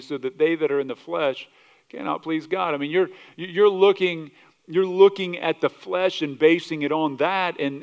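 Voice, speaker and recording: A male pastor preaching a sermon, animated, asking rhetorical questions and often restarting his words. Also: fairly high pitch, clear, resonant tone, lo-fi sound. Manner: animated, rhetorical questions, acts out quoted voices; repeats words and restarts mid-sentence.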